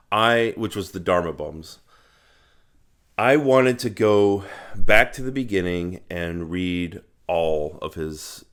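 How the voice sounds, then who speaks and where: Guy with a deep voice chatting about books he read, slow and reflective, lots of um. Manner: reflective, earnest, frequent ums. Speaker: book vlogger. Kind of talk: casual book review monologue.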